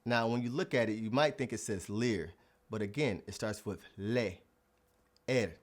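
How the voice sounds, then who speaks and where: Male language teacher, lowish voice, scripted lesson delivery, slows down on example words. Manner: clear, deliberate, stretches out example words. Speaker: Spanish teacher.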